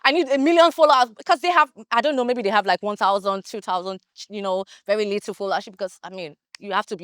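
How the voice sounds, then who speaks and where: A woman's voice: mid-range voice, fast talker, fairly bright tone, no room sound, studio quality. A woman, a reality show contestant, giving a boastful, defiant confessional and repeating herself often. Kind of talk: confessional interview.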